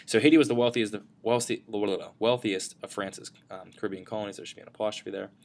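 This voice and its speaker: A man's voice: on the low side, fairly even intonation, quick pace, creaky. A man teaching a history lesson over slides, in a casual way with frequent fillers and self-corrections.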